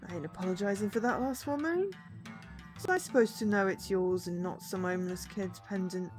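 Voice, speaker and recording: A woman voicing a lazy, rude spirit thief in a game, speaking in a low, insolent drawl. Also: a little fast, darkish tone, faint music behind, close to an everyday voice.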